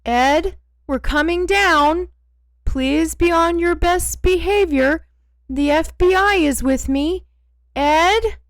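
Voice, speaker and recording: A woman's voice: fairly high pitch, animated, measured pace, no room sound. A woman voicing a frightened, stammering young man with a split personality in an audiobook. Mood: pleading. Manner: stammering, pleading. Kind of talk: audiobook character reading.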